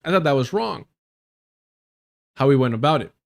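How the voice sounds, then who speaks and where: A man's voice: medium pitch, lively intonation, normal speed, creaky. A man hosting a live stream, giving blunt, profane and emphatic casual commentary while reacting to clips.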